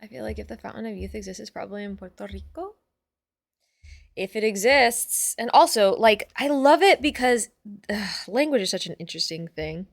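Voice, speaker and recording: A woman hosting a casual stream, chatting with viewers in an animated, sweary way. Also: medium pitch, gravelly, no room sound, clean studio sound. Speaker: streamer host.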